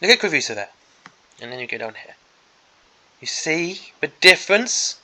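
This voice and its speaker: A man's voice: a little high, sing-song, moderate pace, pushed and bright. A man hosting a miniatures hobby channel, giving an exasperated, sarcastic ranting commentary on a product preview.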